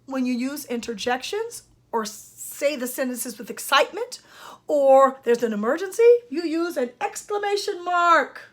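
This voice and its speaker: An older woman, a speech-language pathologist, giving a grammar lesson at a whiteboard and speaking slowly and with emphasis. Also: high voice, lively intonation, a bit bright. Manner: slow, emphatic teacher talk. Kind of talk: grammar lesson for parents and students.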